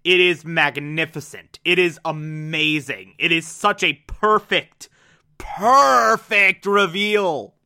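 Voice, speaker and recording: A man's voice: a little high, slow pace, bright, forceful tone, clean tone. A man giving an enthusiastic, casual recap and review of a TV episode, with sudden asides and the odd swear.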